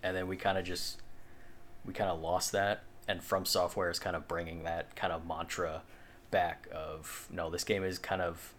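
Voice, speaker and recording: A man with a somewhat low voice talks loosely on a podcast. He rambles and circles back, leaning on fillers and the occasional swear. A faint hiss sits under his voice. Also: little pitch movement, moderate pace, fairly bright tone. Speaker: podcast co-host. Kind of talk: casual chat.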